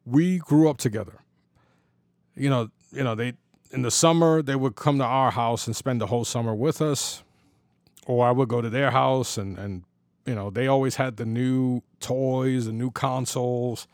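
A man's voice: mid-range voice, moderate pace, darkish tone, no echo, clean studio sound. A middle-aged man telling a personal story in a loose, conversational way, full of slang and fillers, acting out the dialogue he quotes. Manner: loose and conversational, many "you know" fillers, slang and swearing.

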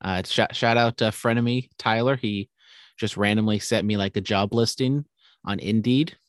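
Young guy from california cohosting a podcast, lowish voice, dry close sound, jokey and teasing. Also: moderate pace, dry recording. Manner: joking, teasing, swears casually. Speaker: podcast co-host. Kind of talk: casual podcast chat.

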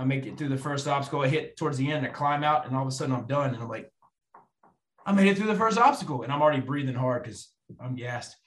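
Animated man telling a faith story. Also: mid-range voice. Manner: animated, acts out quoted voices. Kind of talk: storytelling testimony. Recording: roomy echo.

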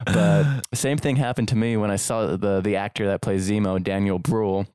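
A man's voice: fairly low pitch, moderate pace, darkish tone, clear, resonant tone, no echo. A man from the United States co-hosting a podcast, telling a story casually with fillers and self-corrections. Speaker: podcast co-host. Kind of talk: casual chat.

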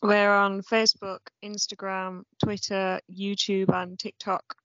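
Flat-voiced woman co-host. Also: medium pitch, unhurried, no room sound. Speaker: podcast co-host. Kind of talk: casual podcast chat. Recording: dry, dull lo-fi remote recording.

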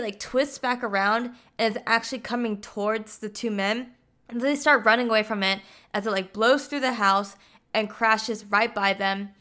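A woman's voice: fairly high pitch, sharp tone. A woman casually retelling a film's plot, chatty and full of "like" fillers. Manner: chatty, heavy use of "like" fillers. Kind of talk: casual film plot recap.

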